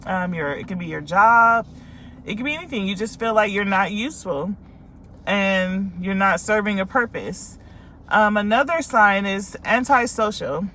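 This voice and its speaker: A woman's voice: mid-range voice, lively intonation, normal speed, a bit bright, a little hiss or hum. A woman life coach from California, talking casually and candidly to her followers about her own experience, with many ums and likes.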